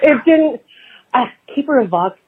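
A woman's voice: high voice, expressive, unhurried, crowd noise. A woman leaving a voicemail, telling a meandering story in a chatty way with frank asides. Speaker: voicemail caller. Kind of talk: rambling phoned-in story. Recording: tinny phone line.

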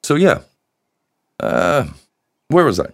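A man's voice: medium pitch, wildly swooping pitch, slow, gravelly. A man hosting a live solo podcast, rambling and joking with crude humor. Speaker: podcast host.

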